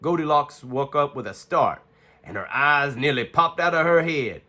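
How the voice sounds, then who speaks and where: A man reading a children's picture book aloud in an expressive, playful manner. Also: a little high, moderate pace. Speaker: storyteller. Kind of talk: children's story read-aloud.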